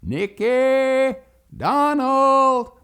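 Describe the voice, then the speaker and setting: A man's voice: on the low side, huge pitch swings, moderate pace, gravelly, slightly rough, heavily acted. A man voicing a father who hunts for his missing sons and questions them. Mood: calling out. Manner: calling loudly from afar.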